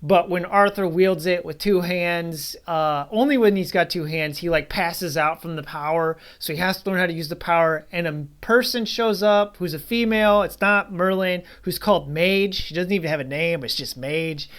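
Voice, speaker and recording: A man's voice: high voice, moderate pace, hardly any pauses, a bit bright, clear, resonant tone. A man giving a casual spoken movie review, rambling and bluntly dismissive, with frequent asides.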